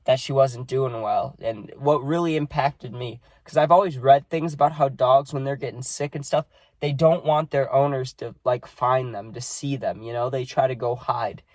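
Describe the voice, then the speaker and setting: A man's voice: medium pitch, normal speed, darkish tone, no echo. Subdued man with a dry close sound. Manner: rambling, with many fillers. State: sad, subdued. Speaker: vlogger. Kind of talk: casual vlog talk.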